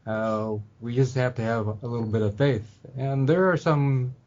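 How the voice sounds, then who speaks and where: A man guesting on an interview show speaks calmly at an even middle pitch. He talks slowly, filling gaps with uhs and soft laughs. The sound is dull and lo-fi. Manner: unhurried, many ums and uhs, soft laughs. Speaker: guest spiritual teacher. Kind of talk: relaxed interview talk. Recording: dull lo-fi audio.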